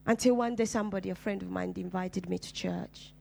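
A woman from Uganda, a pastor, preaching her personal testimony as a sermon, storytelling with swings from loud bursts to hushed, low asides. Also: fairly even intonation, brisk, gravelly, a little hiss or hum.

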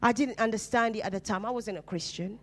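A woman, a preacher, telling her personal testimony in conversation, earnest and dropping low and soft on painful memories. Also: quick pace. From Uganda.

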